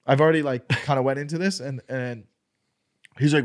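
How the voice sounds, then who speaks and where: A man who is a comedian, telling a story as a podcast guest in an animated, profane way and acting out an argument. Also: mid-range voice, brisk.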